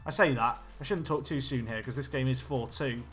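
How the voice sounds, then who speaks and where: A man streaming a football management game, chatting nervously and swinging between low mutters and panicked yelling. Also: a little fast, soft background music. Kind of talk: live game commentary.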